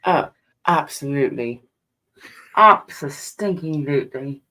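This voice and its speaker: A woman with a low voice hosts her own stream. She chats loosely, teases her guests, and swears casually. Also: animated, slow pace, bright, forceful tone. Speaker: streamer, host. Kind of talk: casual chat.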